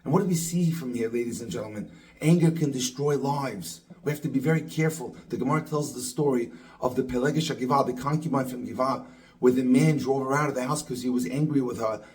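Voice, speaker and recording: A man delivers a moral lesson as a rabbi, telling a story and slipping into the voices of its people as he quotes them. His voice sits at an ordinary middle pitch for a man. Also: fast, low-quality recording. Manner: animated storyteller acting out quoted lines. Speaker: rabbi and dating coach.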